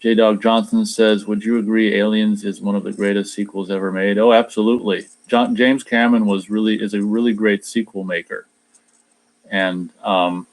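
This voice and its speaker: Male host, lowish voice, casual and rambling, reads chat comments and restarts his sentences a lot. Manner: rambling, repeats words when starting sentences; tries a mock Australian accent in a few short bits. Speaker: radio show host reading live chat.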